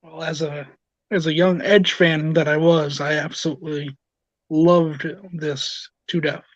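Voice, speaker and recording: Man, podcast guest, slightly high, relaxed, muffled dry audio. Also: measured pace, dry recording. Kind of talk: casual review chat.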